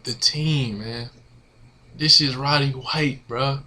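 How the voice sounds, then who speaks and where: A man's voice: medium pitch, steady tone, takes it slowly, bright, forceful tone. A man ranting casually to his camera as a sports fan, exasperated and slangy, repeating himself. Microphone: camera mic.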